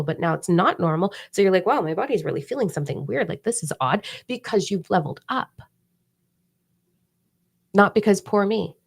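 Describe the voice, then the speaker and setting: Gravelly-voiced woman hosting a spiritual livestream. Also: lowish voice. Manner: animated, swears freely, mock voices and whispers for effect. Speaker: spiritual live-stream host. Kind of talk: casual live-stream talk.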